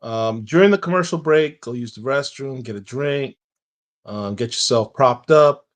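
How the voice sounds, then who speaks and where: A man's voice: mid-range voice, moderate pace. A man hosting a casual online comics interview show, joking with his guest and plugging the channel. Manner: playful, hypes up the channel. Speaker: show host.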